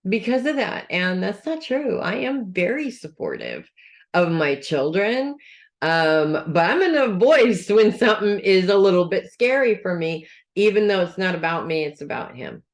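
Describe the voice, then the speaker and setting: A woman reads weekly horoscopes in an easy, conversational way, with a voice at an ordinary middle pitch. She speaks directly to her audience and often stops to correct or rephrase herself. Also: sing-song, moderate pace. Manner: chatty, self-correcting, talks straight to viewers. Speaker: astrology reader. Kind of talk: casual weekly horoscope reading.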